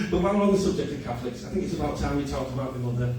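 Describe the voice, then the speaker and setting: A male comedian performing a stand-up set at a cafe comedy night, self-deprecating and often laughing at his own lines. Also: a little high. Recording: echoey room, far mic, noisy.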